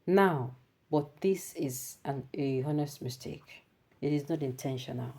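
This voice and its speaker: A woman with a Nigerian accent presenting news commentary, mixing Pidgin into animated remarks and reading out viewer comments. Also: low voice, unhurried.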